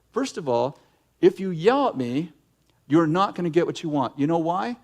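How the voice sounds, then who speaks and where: A middle-aged male pastor preaching a sermon in an animated way, breaking into acted yelling now and then. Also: a little high. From United States.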